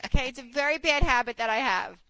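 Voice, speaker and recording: A woman in her forties hosting a casual chat, telling stories in an animated way and acting out quotes. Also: sits high, fast, slight background noise, rough recording. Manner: chatty, animated storytelling with acted quotes. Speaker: host.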